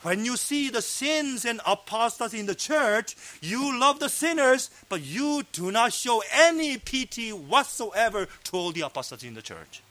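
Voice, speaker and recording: Pastor preaching, high bright voice, slow and fervent. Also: male voice, sing-song. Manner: fervent, emphatic preaching with sudden drops to a low hush. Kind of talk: sermon. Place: fellowship meeting hall.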